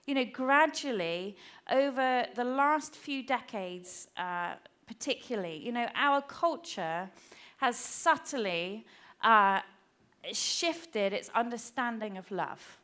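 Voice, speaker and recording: Preaching slowly with a fairly high, animated voice, a woman gives an earnest, conversational church sermon. She regularly dramatizes the voices she quotes and occasionally goes hushed.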